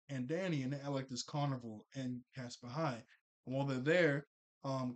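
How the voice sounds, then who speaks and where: A young man in a loose, unscripted recap of a cartoon episode. He laughs often, stops to fix his own slips, and jumps into quick acted bits of the characters' lines. His voice sits in an ordinary middle pitch.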